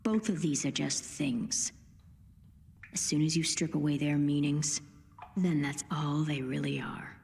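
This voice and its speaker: An actress voicing a sinister, brash young female gunslinger with a smoker's rasp, in an anime English dub. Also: low voice, measured pace, darkish tone, big-room sound, faint music behind. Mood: cold quiet. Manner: brash, foul-mouthed.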